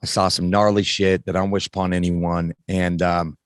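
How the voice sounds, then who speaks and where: A man's voice: sits low, level tone, normal speed, clear, resonant tone, dry recording. A man in his thirties, a podcast guest, telling a candid personal story in casual, frank talk that swears freely and often restarts its sentences.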